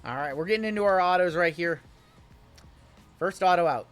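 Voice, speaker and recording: A man with a high, bright voice calls out card pulls on a live break stream. He keeps an upbeat, chatty patter and teases his viewers about what might be coming. Faint music plays softly behind him. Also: normal speed, smooth.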